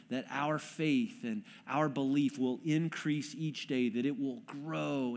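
A middle-aged man preaching to his congregation in an earnest, conversational way. He teaches like he is talking with friends and pulls the room in with questions. His voice sits a little higher than most men's. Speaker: pastor. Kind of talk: sermon. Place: church room with audience.

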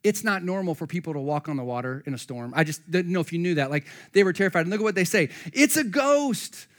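A man's voice: a little high, rapid-fire. A man preaching a sermon, reading scripture and acting out the voices of the people in the story. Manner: animated, acts out voices of Bible figures. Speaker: pastor.

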